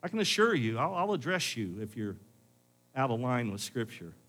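A man's voice: mid-range voice, big pitch swings, moderate pace, a bit bright. A male pastor preaching a sermon in church, building to pleading questions.

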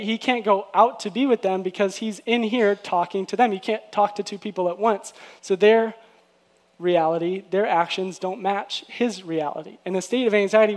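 A man preaching a casual, conversational sermon, acting out quotes with bursts of energy. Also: high voice. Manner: conversational, animated in acted-out quotes. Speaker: pastor.

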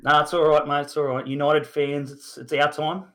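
A man's voice: on the high side, flat delivery, moderate pace, a bit bright. Rambling Australian man hosting a podcast. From Newcastle, Australia. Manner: rambling, frequent fillers and mild swearing. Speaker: podcast host. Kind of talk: casual sports podcast chat.

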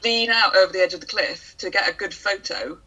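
Co-host, woman, sharp bright tone, thinks out loud in halting musing asides. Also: mid-range voice, breathy edge, faint music behind, low-quality recording. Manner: musing, thinks aloud with hesitations. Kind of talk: casual chat.

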